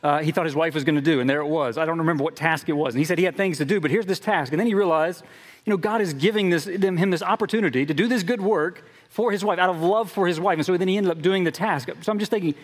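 Fast-talking high-voiced man. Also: long reverb tail. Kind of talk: casual discussion.

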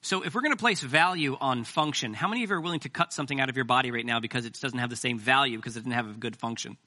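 A man's voice: mid-range voice, rapid-fire, pushed and bright. A man preaching a sermon as pastor, talking conversationally with self-deprecating jokes.

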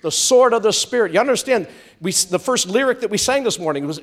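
A man preaching a sermon, stretching out words for emphasis and drawing responses from the congregation. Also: high voice. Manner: animated, drawn-out emphatic preaching with call-and-response. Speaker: pastor.

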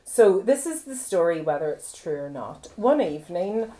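A woman's voice: lowish voice, very animated, normal speed, warm tone. A woman co-hosting a podcast in casual chat, slightly tipsy, often giggling and repeating herself. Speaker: podcast co-host. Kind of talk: casual chat, reading a story aloud.

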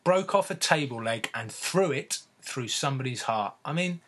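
A man telling a story in casual podcast chat, laughing often and filling pauses with ums and uhs. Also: mid-range voice, expressive, sharp tone, a little hiss or hum.

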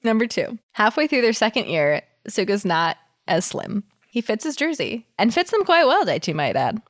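A woman reads a story aloud in a casual podcast, her pitch leaping up and down as she voices the lines. She laughs often, and her voice sounds dry and close, with no room around it. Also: normal speed, no echo. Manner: giggly, reads dialogue with lively voicing. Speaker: podcast co-host reading fan fiction aloud. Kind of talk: casual chat and dramatic reading.

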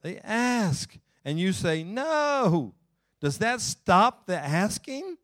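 A man preaching a sermon in church, folksy, climbing loud and then slowing down low to read scripture. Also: big pitch swings, no room sound, clean studio sound. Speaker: pastor.

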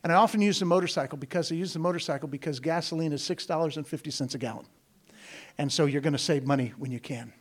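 A man's voice: on the high side, fast. A man speaking to a congregation as a visiting missionary, telling a story in a folksy, joking way and often talking straight to his listeners. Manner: folksy, joking, digressive, addresses the congregation directly. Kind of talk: storytelling sermon.

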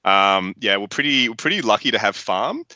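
Bright, sweary Australian man. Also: on the low side, normal speed, dry recording, dull audio. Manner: rambling, sweary, animated storytelling. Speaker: guest. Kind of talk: casual podcast interview.

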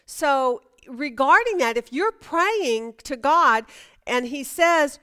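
A woman's voice: sits high, expressive, takes it slowly, fairly bright tone. A middle-aged woman leading a Bible study lesson, talking conversationally, asking the class questions and often restarting her sentences.

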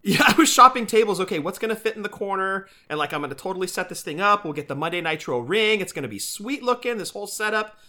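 A man's voice: sits high, animated, fast, few pauses, pushed and bright. A man co-hosting a casual podcast, talking enthusiastically and calling people "dude.". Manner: enthusiastic, says "dude" a lot. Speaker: podcast co-host.

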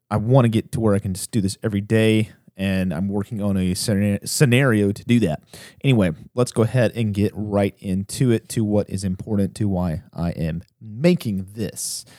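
A man hosting his own religious podcast, talking fast and urgently with frequent restarts. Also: lowish voice, a little mellow, no room sound, clean studio sound. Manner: fast, urgent, self-interrupting. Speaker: podcast host.

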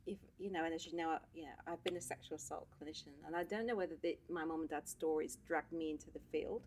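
Woman podcast guest, low-voiced, lively storyteller, slight background hiss. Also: fast talker. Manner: animated storyteller, laughs often. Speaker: podcast guest, social worker. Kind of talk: casual storytelling chat.

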